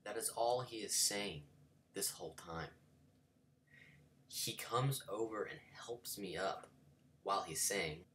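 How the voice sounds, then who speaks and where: A man's voice: fairly low pitch, slow pace, pauses often, sharp tone. A man telling a rambling story in a casual vlog, full of fillers and sudden whispered asides. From United States. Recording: voice a bit far from the mic, faint background noise.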